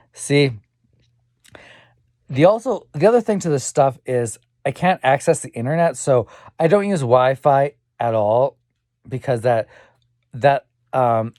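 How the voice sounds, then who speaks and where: A man's voice: medium pitch, darkish tone, dry recording, studio quality. A young man talking in a rambling, repetitive personal monologue, swearing often and muttering asides. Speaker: vlogger.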